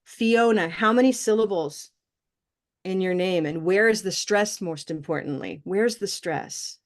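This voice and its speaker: Woman teaching pronunciation, encouraging. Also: medium pitch. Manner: encouraging, models sounds slowly and repeats them. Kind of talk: online class instruction.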